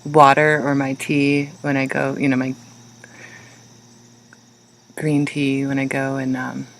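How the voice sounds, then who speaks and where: A podcast co-host with a gravelly, creaky voice joins a casual chat. This co-host speaks with warm enthusiasm and gushes over favorite plants. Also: mid-range voice, completely flat delivery, slow pace, slight background noise, poor audio. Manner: enthusiastic, gushing about plants.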